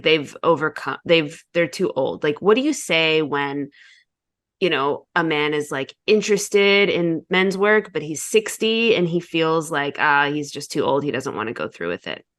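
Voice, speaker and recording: Lively woman host, lowish voice. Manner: animated, filler-heavy, enthusiastic. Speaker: podcast host. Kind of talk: conversational interview.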